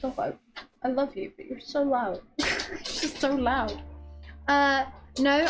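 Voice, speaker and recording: A woman streaming a game, chatting casually and reading dialogue aloud in a giggly, playful, excitable way. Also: high voice, takes it slowly, long pauses, music in the background.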